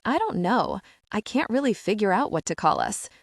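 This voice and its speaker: Woman voicing an older man, teasing, relaxed, romance audiobook, dry close sound. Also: medium pitch, normal speed, husky, dry recording.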